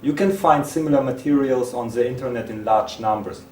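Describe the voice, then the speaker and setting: A man's voice: mid-range voice, a little fast, darkish tone. A man who speaks natively, reading a text aloud with his own asides. He often halts, repeats words and restarts phrases. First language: Russian. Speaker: presenter. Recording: roomy, distant mic, faint hiss.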